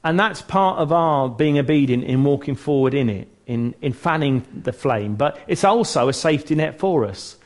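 Animated and a bit high, he talks at normal speed with hardly any pauses. It's an informal church teaching talk, earnest and chatty, marked by restarts and self-deprecating jokes.

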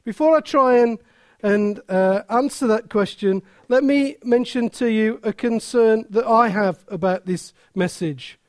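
Pastor guy preaching, real high voice, slow and earnest, dry close sound. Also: no echo. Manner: earnest, measured preaching with frequent pauses. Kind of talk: sermon.

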